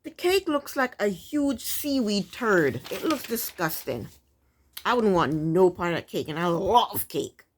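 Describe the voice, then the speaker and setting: Sassy, animated woman recapping TV. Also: mid-range voice, measured pace, slight background noise. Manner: blunt, sassy, chatty with frequent asides. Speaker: TV recap vlogger. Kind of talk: casual opinionated recap.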